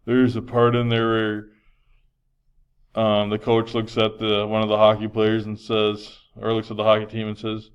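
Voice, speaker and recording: Male teacher, lower register, resonant, chatty lecture style. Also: monotone, moderate pace, smooth, lo-fi sound. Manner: conversational, frequent um fillers, projecting voice. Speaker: health teacher. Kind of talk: classroom lecture.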